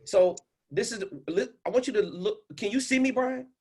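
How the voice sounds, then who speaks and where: A man coaching a caller on a livestream. He is animated and instructive and swings between loud and hushed delivery. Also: high voice, normal speed, husky. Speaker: speaking coach and host.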